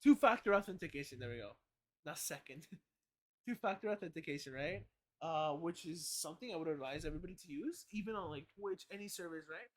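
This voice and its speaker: A man's voice: on the high side, animated, brisk. A young man rambling through a casual live stream, often correcting himself and swearing freely.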